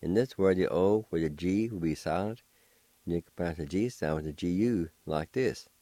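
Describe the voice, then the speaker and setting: A man's voice: low-pitched, normal speed, dark tone, no echo. A man teaching a language lesson on the radio, carefully spelling out words letter by letter and repeating them.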